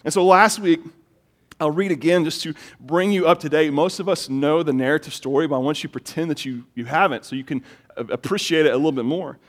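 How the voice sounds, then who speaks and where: A middle-aged man preaching a sermon as pastor, telling stories in an animated way and often repeating words as he gets excited. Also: on the high side, fairly quick.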